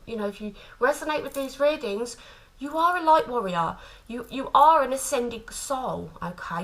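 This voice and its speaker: Speaking to camera with a gravelly, fairly bright voice on the high side, this woman offers a warm, chatty spiritual card reading. She laughs often and keeps saying "my lovelies" and "okay?", though the audio quality is poor.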